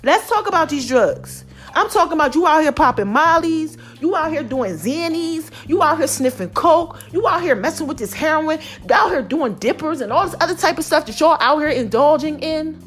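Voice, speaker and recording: A woman's voice: sits high, expressive, moderate pace. A middle-aged woman, hosting her own podcast as a passionate, preachy motivational monologue addressed straight to listeners. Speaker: podcast host.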